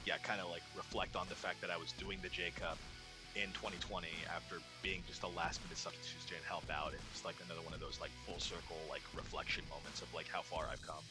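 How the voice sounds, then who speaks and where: A man's voice: sits low, quick pace, over music. A young man, a ring announcer, telling a story casually in an interview and acting out the conversations he quotes. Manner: animated, acts out quoted exchanges.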